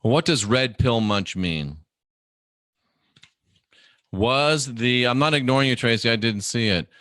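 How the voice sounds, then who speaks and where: A man's voice: mid-range voice, lively intonation, measured pace, fairly bright tone, no room sound, studio quality. A man hosting a casual livestream, reading viewer questions aloud and answering them by name in a rambling, chatty way.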